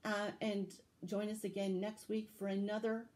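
A woman who tells stories to children at a library, reading a fairy tale aloud and giving tips in slow, expressive, sing-song storytelling. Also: medium pitch, slight background noise, poor audio.

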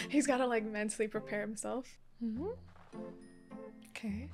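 A woman hosting an anime reaction video, chatting casually and breaking into gasps, laughs and loud exclamations. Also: fairly high pitch, takes it slowly, pauses often, over music. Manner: excitable, gasping, laughing and exclaiming often. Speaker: anime reaction channel host.

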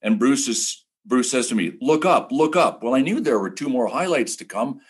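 Older man, husky voice, lively anecdote-telling, podcast guest. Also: medium pitch, moderate pace. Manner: animated, acts out quoted voices. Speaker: guest, retired hockey broadcaster. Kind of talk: casual podcast storytelling.

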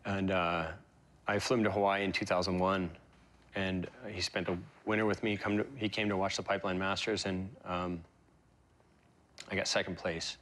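A man with a fairly low voice recalls his past as an interview guest. He talks in a halting, emotional way, stopping and restarting often with fillers. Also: flat delivery, fairly bright tone. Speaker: interview guest, pro surfer. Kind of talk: reflective interview storytelling.

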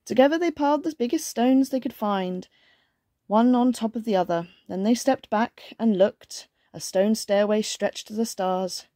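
A woman's voice: fairly high pitch, moderate pace, warm tone, no echo, clean studio sound. Sex: woman. Style: cheerful bedtime story reading.

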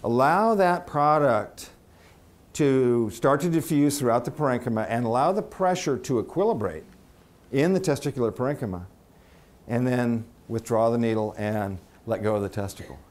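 A man giving a conference lecture as a veterinarian, chatty and halting with restarts, quizzing the audience. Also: mid-range voice, a little mellow. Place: conference room.

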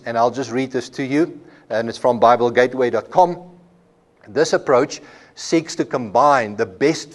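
Unhurried and mid-pitched, a South African man teaches a Bible college class. He tends to repeat a word when restarting a phrase and explains concepts through homely examples.

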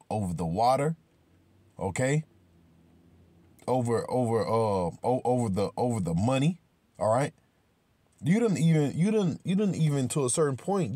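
A man giving informal, emphatic scripture commentary, talking with many repetitions and restarts, swearing freely and slowing down to read verses aloud. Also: mid-range voice, mellow, dry recording. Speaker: religious commentator.

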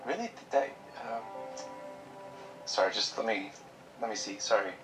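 An actor playing a struggling father who reassures his daughter warmly and jokes with her, in a web drama over background music. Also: fairly low pitch, lively intonation, moderate pace, lightly acted, rough recording. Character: caring, broke young father, gentle and jokey. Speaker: struggling single dad.

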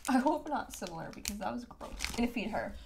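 A woman's voice: a little high, lively intonation, fast talker, gravelly, darkish tone, slight background noise. A young woman from Canada co-hosting a snack tasting video, joking in easygoing casual chat. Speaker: co-host of a snack tasting channel.

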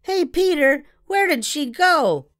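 A woman voicing an excitable little girl with a big imagination, reading with a theatrical, sing-song manner. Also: high-pitched, takes it slowly, dry recording, clean studio sound, pitched above the performer's own voice. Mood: playful.

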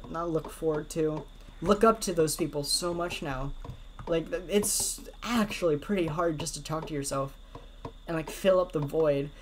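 Woman, lowish voice, casual rambling gameplay commentator, heavy on fillers. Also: a little hiss or hum. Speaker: gameplay video creator. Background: game music.

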